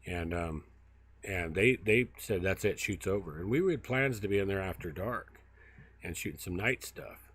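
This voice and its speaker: Low-voiced man rambling outdoors. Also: normal speed, fairly bright tone, breathy edge. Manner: rambling storyteller, many fillers. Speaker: field researcher and livestream host. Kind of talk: casual walk-and-talk livestream. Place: outdoors in brushy woods by a river.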